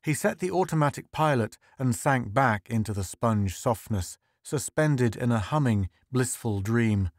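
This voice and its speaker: A man reading a science fiction short story aloud as scripted narration, slow and measured. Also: medium pitch, expressive, no echo, clean studio sound. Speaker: audiobook reader.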